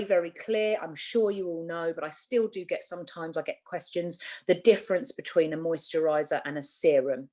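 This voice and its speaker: A woman giving a skincare training to a team, chatty and emphatic, often repeating herself to be clear. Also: mid-range voice, a little mellow. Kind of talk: training talk.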